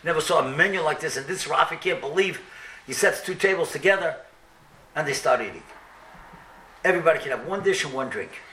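A man giving a storytelling sermon, animated and acting out the dialogue. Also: on the high side, gravelly, a little hiss or hum. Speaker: speaker. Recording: echoey room, mic at a distance.

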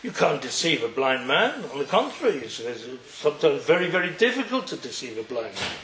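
A man's voice: fairly high pitch, sing-song, brisk, a bit bright, echoey room, slight background noise, rough recording. A man teaching a Torah class, telling the story with animation, acting out the characters and throwing out rhetorical questions. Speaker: religious teacher.

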